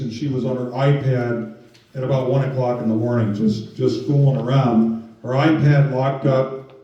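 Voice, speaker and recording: A man tells stories to a live audience, full of "you know" and "um" as he acts out each person's lines. His voice sounds mellow and comes from across a big echoey room. The sound is a bit dull. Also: medium pitch, far from the mic. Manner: storytelling, acts out quoted voices with lots of fillers. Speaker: speaker giving a talk on scams. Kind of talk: public talk retelling stories. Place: museum meeting room.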